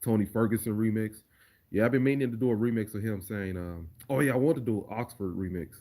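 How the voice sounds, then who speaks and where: Laid-back man with a lowish voice. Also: fast, mellow. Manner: laid-back, profane, repeats words while thinking. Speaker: livestreamer and remix producer. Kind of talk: casual livestream Q&A.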